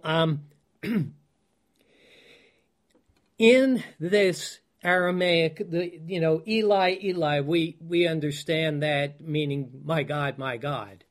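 A male preacher delivering a teaching sermon with a fairly high voice. He talks slowly, pausing on fillers and restarting phrases, then repeats key points for emphasis. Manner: unhurried, many fillers and restarts, emphatic repetitions.

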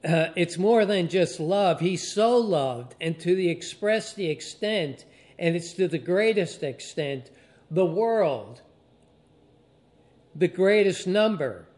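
A pastor preaching a sermon to his congregation, slowly stressing key phrases and drawing out his emphasis. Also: high-pitched, lively intonation, darkish tone. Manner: slow, deliberate preaching with drawn-out emphasis.

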